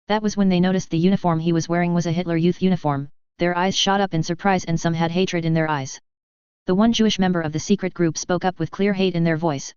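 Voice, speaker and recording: A woman reading a fan fiction story aloud at a brisk, matter-of-fact pace, with crude humor. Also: on the low side, steady tone, darkish tone, clean tone, no echo, highs cut off. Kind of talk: reading a story aloud, voices done lightly.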